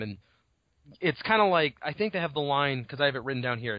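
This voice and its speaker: A man's voice: fairly high pitch, moderate pace, dry recording. A man co-hosting a podcast, chatting casually about a book and acting out its scenes with freely dropped swear words. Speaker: podcast co-host. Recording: dull lo-fi podcast audio.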